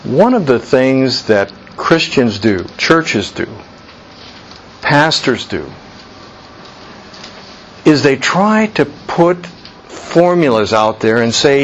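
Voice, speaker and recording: A man's voice: mid-range voice, expressive, slow, long pauses, lo-fi sound, slight background noise. A man leading an informal Bible study, talking earnestly and conversationally, repeating his points for emphasis.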